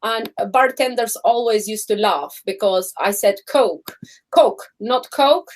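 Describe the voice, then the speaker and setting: Woman co-host for a relaxed live chat, lively storyteller who laughs a lot, pitched a touch high. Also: measured pace, low-quality recording. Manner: animated storyteller who acts out other people's voices; laughs often.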